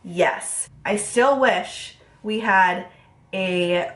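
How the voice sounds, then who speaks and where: A woman's voice: medium pitch, fairly bright tone. A young woman, nasal from a cold, chatting casually through a makeup review full of fillers. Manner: chatty, fast, filler-heavy. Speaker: beauty vlogger. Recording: roomy echo.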